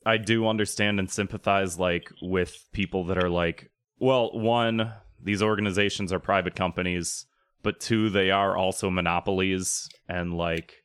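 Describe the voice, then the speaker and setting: Deep rambling man, dry close mic. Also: steady tone, normal speed, a bit bright, clear, resonant tone, no room sound. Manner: rambling, heavy filler words, swears. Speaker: podcast co-host. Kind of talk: casual chat.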